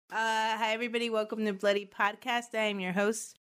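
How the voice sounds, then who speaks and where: A woman's voice: a little high, flat delivery, normal speed. A woman hosting a true crime podcast, chatting and laughing with her co-hosts before telling the case. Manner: giggly, chatty, recounts case details. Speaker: podcast host. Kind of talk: casual chat and true crime storytelling.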